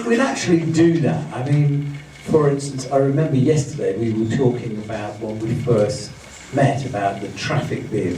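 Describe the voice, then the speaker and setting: A man leading a live training seminar on communication, explaining to an audience and acting out fast and slow speech and gestures as he goes. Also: mid-range voice, warm tone. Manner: demonstrative, acts out speeds and gestures as he explains. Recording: roomy, distant, faint background hum.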